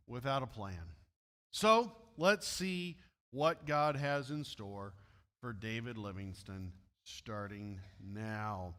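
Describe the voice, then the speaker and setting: A man's voice: a little high, sharp tone, big-room sound. A man with a Midwestern US accent reading a missionary story aloud at church, with friendly asides to his listeners.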